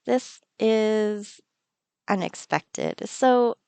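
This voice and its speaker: Hosting a let's-play of a farming game for her gaming channel, a woman chats playfully, giggles often, and talks to the game itself. Her mid-range voice is creaky yet clear and resonant, with no room sound.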